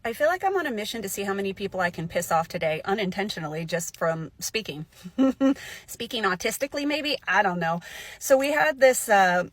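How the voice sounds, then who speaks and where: Animated woman telling a work story. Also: mid-range voice, brisk, no echo. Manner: animated, acts out coworkers' lines. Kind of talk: casual storytelling.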